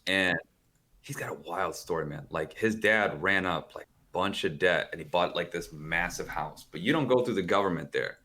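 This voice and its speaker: Low-voiced rambling man on a call. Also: normal speed, bright, forceful tone. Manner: rambling, heavy on "like", swears casually. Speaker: podcast guest. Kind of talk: casual storytelling chat. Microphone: calling in over a video call.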